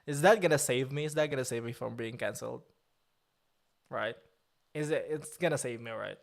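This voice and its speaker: A man's voice: mid-range voice, moderate pace, vocal fry. A man chatting casually on a live stream, joking and laughing at himself. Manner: joking, laughs often, self-mocking.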